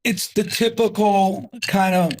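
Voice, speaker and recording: A man in his fifties from New Jersey, a guest telling his story in an energetic, punchy way and repeating himself for emphasis. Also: high-pitched, measured pace. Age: 50s. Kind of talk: casual interview storytelling.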